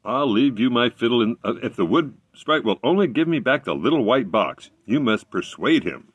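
A clever wandering fiddler who speaks calmly and reasons his way through, voiced by a man reading aloud. The voice sits a little above the reader's low tone, with lively movement, close and dry. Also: moderate pace, breathy edge, no room sound, lo-fi sound. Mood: reasoning. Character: wise, patient young male fiddler. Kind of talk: storybook read-aloud.

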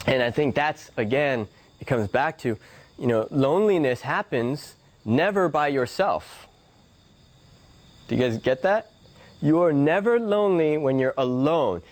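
A man's voice: on the high side, unhurried. A man who is a guest, telling reflective stories in conversation and laughing often. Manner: animated, laughing storyteller.

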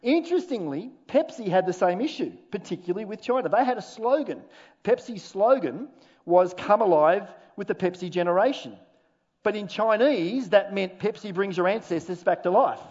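A man preaching a sermon as pastor, animated and humorous with dramatic pauses. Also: high-pitched, dull audio. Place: church auditorium.

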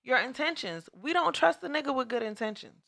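A woman's voice: high-pitched, lively intonation, brisk, creaky, fairly bright tone. A woman co-hosting a casual chat, talking frankly and reflectively about relationships. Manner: frank, reflective, laughs often. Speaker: podcast co-host.

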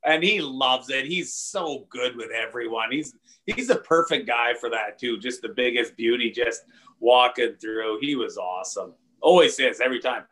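A man with a bright, forward voice tells stories in a casual chat. He rambles loosely, swears freely and laughs as he goes. His pitch stays in a middle range. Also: moderate pace. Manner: loose, profane anecdotal storytelling with laughs. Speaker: comedian guest.

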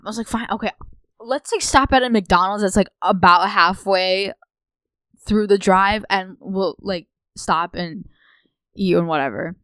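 A young woman co-hosting a podcast, telling a story in a profane, animated way. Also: mid-range voice, a little slow, dry recording. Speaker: podcast co-host. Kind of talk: casual chat.

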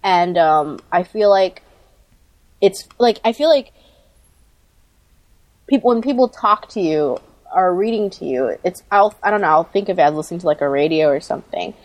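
A woman in casual conversation, talking in a loose, chatty way full of fillers and quick laughs. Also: fairly low pitch, animated, a little mellow, no echo, low-quality recording. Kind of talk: casual chat.

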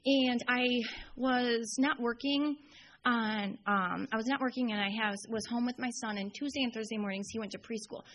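A woman's voice: fairly high pitch, normal speed, fairly bright tone, low-quality recording. A young woman telling a long personal story at a recovery meeting, chatty and full of fillers. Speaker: AA speaker. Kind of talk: storytelling talk.

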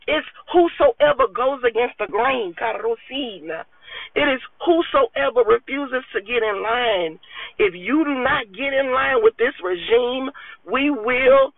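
High-voiced woman preaching into a phone. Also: lively intonation, unhurried, gravelly, dry recording. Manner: preachy, emphatic, with gospel exclamations. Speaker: vlogger. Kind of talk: impassioned spoken monologue. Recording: tinny phone-like dry sound.

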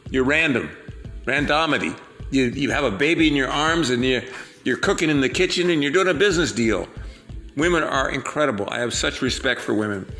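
A man's voice: medium pitch, a bit bright. A man hosting a podcast, delivering a rambling, preachy monologue full of repetitions and jokes. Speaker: podcast host and political candidate.

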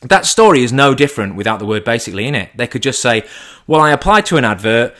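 A man talking casually in a monologue, animated and swearing, acting out mock phone calls in different voices. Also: medium pitch, quick pace.

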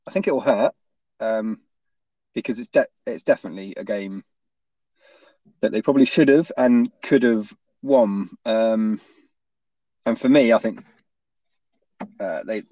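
A man with a lowish voice talks in a hesitant way, stumbling over restarts and ending points with tag questions. The recording is dry, with no room sound. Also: darkish tone, no echo. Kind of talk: casual rugby chat.

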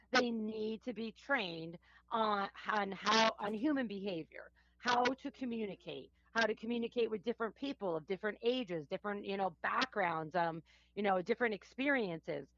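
A woman's voice: mid-range voice, fairly bright tone, no room sound. Brief: woman guest expert, earnest and explanatory, dry, dull lo-fi remote sound. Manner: earnest and explanatory, with thinking fillers. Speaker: guest, HR professional. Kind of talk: interview answers.

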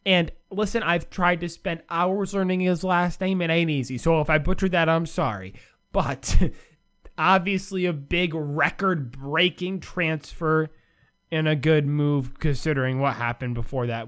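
A man's voice: a little high, moderate pace, fairly bright tone, clear, resonant tone. A man hosting a solo sports commentary show from the United States, ranting sarcastically with big swings in his voice.

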